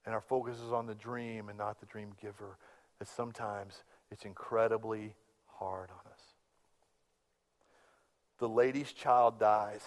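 A middle-aged man preaching a sermon as a pastor, telling stories with big swings from hushed to loud. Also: fairly low pitch. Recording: long hall reverb.

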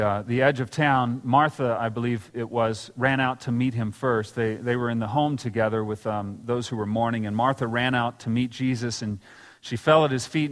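A man's voice: medium pitch, in a large hall. A man preaching a sermon in a church, telling scripture stories and acting out the quoted lines. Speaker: pastor. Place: church sanctuary.

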